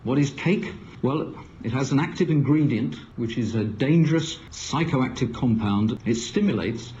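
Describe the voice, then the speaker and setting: A solemn, deadpan presenter, played by a man, talks in a measured, grave tone as if warning the public. The clip sounds slightly muffled, with a faint hiss under it. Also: mid-range voice, close to an everyday voice. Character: deadpan adult man gravely explaining cake. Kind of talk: mock public-information broadcast.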